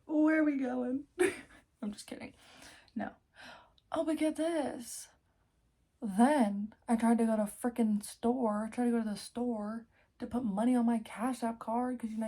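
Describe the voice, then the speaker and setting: A young woman in her twenties, telling a story in a casual vlog, animated, swearing freely and laughing often. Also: fairly high pitch. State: out of breath. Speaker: vlogger.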